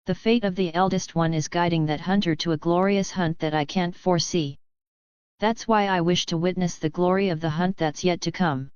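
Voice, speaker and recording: Grave wolf spirit, voiced by a woman, formal, smooth low-ish voice, dry sound. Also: steady tone, moderate pace, darkish tone, dry recording, close to an everyday voice. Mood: solemn. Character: ancient solemn wolf spirit, proud. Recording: dull lo-fi sound.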